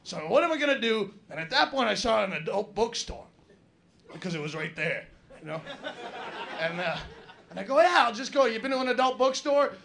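A man doing a stand-up routine, telling a profane, rambling story with sudden shouted outbursts. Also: very high-pitched, creaky. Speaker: stand-up comedian.

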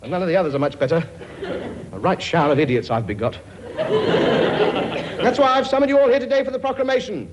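Playing a brash, wisecracking king with a cockney flavor, the actor bosses his numerous offspring in a studio sketch. His voice is high, animated and brisk, broken by long pauses; the audio is very noisy and the highs are cut off.

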